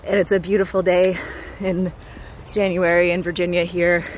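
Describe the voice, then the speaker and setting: A woman's voice: lowish voice, little pitch movement, normal speed, slight background noise. A woman vlogging as she walks outdoors, gushing and enthusiastic, laughing often and a bit out of breath. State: out of breath while walking. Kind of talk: casual vlog talk to camera. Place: outdoors on a walk.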